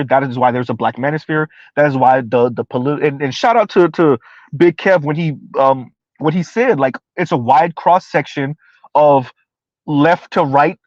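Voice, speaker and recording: Here a man under forty, voice a little high, gives casual commentary on a live stream, emphatic and repetitive, often ranting and laughing. The recording has no echo and a dry, somewhat dull lo-fi sound.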